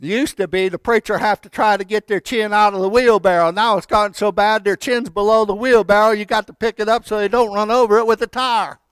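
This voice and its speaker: A man preaching a sermon with fervor, swinging from quiet talk up to shouted declarations. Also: high-pitched, fairly even intonation, fairly quick, hardly any pauses, clear, resonant tone, dry recording. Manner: fervent, rising to shouted declarations.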